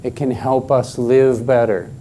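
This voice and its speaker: A man's voice: medium pitch, little pitch movement, unhurried, dark tone, a little hiss or hum. A middle-aged man giving a workshop talk at a conference, emphatic and joking with the audience. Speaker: conference speaker.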